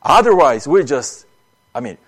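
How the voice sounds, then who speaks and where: A man's voice: a little high, very animated, measured pace, fairly bright tone. A man preaching an earnest sermon, often acting out prayers and repeating words as he speaks.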